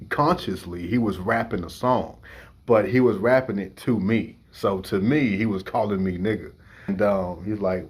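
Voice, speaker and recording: A young man with a low, husky voice talks at an unhurried pace. He tells a personal story in a rambling, heartfelt way, full of restarts and fillers, the way a music review host opens up to his viewers.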